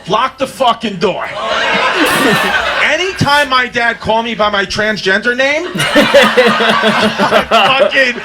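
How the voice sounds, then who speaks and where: A man doing stand-up, telling a story loudly with frequent laughter and a drunken slur. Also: very high-pitched, slow pace, long pauses, heavy background noise. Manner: loud, laughing, drunken delivery. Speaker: stand-up comedian. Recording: comedy club recording with ambience.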